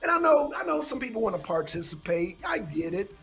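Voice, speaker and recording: A man with a husky, fairly high voice holds forth on politics in a casual commentary show. He lectures his audience emphatically and swears often, with faint music running behind him. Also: big pitch swings, brisk, fairly bright tone.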